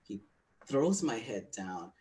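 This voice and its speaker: A man's voice: fairly low pitch, very animated, takes it slowly, mellow. A man co-hosting a webinar, telling a personal story in a frank, confiding way with plenty of fillers. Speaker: webinar co-host.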